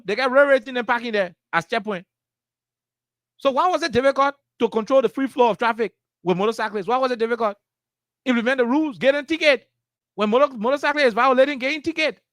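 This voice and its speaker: A man's voice: very high-pitched, fairly bright tone, dry recording, studio quality. Impassioned Liberian man on the radio. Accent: Liberian English. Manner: impassioned, repetitive, rhetorical questions. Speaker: radio talk show host. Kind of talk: political commentary. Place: radio studio.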